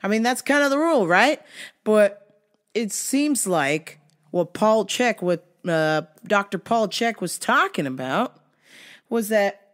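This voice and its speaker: A hoarse woman from California hosting a casual solo podcast, chatty, laughing often and swearing freely. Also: on the low side. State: hoarse from yelling. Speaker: podcast host.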